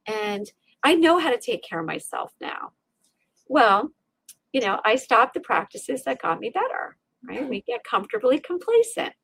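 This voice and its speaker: Slightly high-pitched and speaking at normal speed, she has vocal fry and a breathy edge, with no room sound. She is a middle-aged resilience coach on a podcast, telling an emotional personal story with animation, acting out her inner voices and restarting often.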